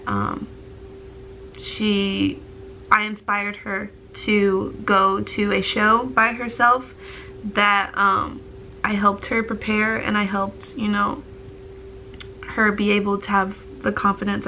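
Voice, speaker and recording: A woman's voice: medium pitch, sharp tone, a little hiss or hum. A young woman in her twenties telling a casual story to camera, rambling with lots of fillers and close to crying. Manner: filler-heavy, rambling, tearful. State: on the verge of tears. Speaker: vlogger.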